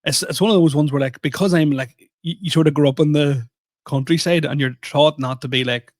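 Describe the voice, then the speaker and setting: A man's voice: on the high side, a little fast, dry recording. Young male co-host; rambling, self-mocking storyteller in loose chat, dry booth sound. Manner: rambling, self-deprecating storytelling with many restarts. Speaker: podcast co-host and comedian. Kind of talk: casual chat.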